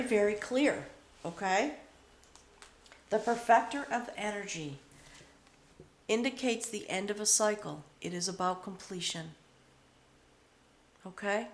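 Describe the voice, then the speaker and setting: A woman giving a spiritual tarot reading, speaking slowly and reverently, often overcome with emotion. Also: mid-range voice. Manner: slow, emotional, reverent, with pauses. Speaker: tarot reader. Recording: roomy echo.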